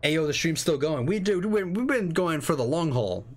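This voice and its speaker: A young man hosting a live game stream, chatting casually, excitable and swearing freely with rambling restarts. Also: a little high, moderate pace.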